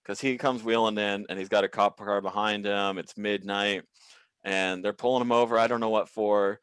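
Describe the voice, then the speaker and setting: Low-voiced profane man telling work stories. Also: normal speed, clear, resonant tone, dry recording. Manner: profane, animated storyteller who acts out quotes. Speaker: comedian guest. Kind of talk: casual storytelling on a video call. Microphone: video call.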